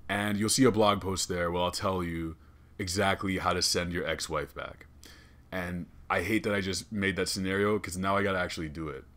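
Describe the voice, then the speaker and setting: A young man hosting a comedy podcast, rambling and cursing in an excitable way from a small studio. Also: fairly low pitch. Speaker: podcast host. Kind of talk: casual comedic podcast rant.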